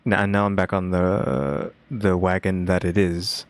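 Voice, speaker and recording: A man's voice: low voice, a little slow. A man reacting casually, puzzled and thinking aloud.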